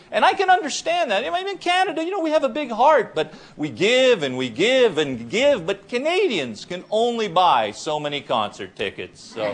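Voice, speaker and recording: A man's voice: high-pitched, fairly bright tone. A man doing a stand-up comedy monologue in a TV studio, ranting and exasperated as he talks to the audience. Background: audience laughter.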